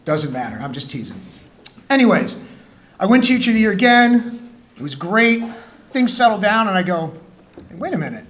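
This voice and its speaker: A man, a high school teacher, telling a humorous personal story to students in a school gym, acting out the dialogue. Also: normal speed, long pauses. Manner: joking, animated storyteller who acts out dialogue.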